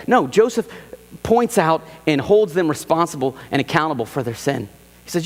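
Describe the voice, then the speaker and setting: Speaking at normal speed with a slightly high voice, a male pastor delivers an animated, emphatic sermon. He repeats key phrases and acts out the lines he quotes, and his words fill the large hall of the church sanctuary.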